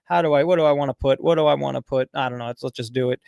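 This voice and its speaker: A man's voice: medium pitch, very fast, gravelly, darkish tone, clean tone, no echo, clean studio sound. A man hosting a casual live call-in show, rambling and swearing as he switches between the chat and his caller. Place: home studio, fighting an echo.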